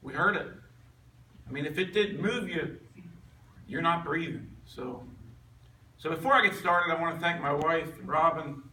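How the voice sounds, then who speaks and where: In a meeting room before a men's group, a man in his fifties shares a personal testimony that is earnest and conversational, often restarting his sentences. His fairly high voice has a sharp tone, normal speed and long pauses. The mic is distant, so the sound is roomy and off-mic, with faint ambience and slight background noise.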